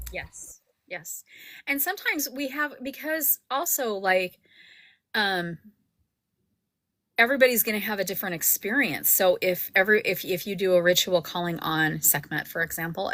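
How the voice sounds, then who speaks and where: Bright-voiced woman hosting a livestream chat. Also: mid-range voice, dry recording, poor audio. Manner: rambling, full of fillers and restarts. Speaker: book club host.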